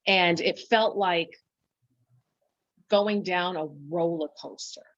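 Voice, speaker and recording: A woman guest on a podcast, telling her story in a halting way, full of restarts and quoted self-talk. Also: lowish voice, a bit bright, no room sound. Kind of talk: conversational storytelling. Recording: dull, lo-fi dry sound.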